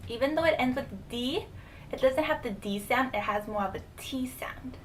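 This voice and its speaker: A woman's voice: a little high, animated, normal speed. A young woman teaching a casual lesson, explaining patiently, repeating example words and using casual fillers. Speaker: language teacher. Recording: distant mic with faint room noise.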